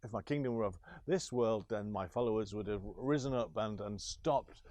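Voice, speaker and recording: A man voicing a calm, grave male prisoner who answers in a measured way. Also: on the low side, no room sound, lightly acted.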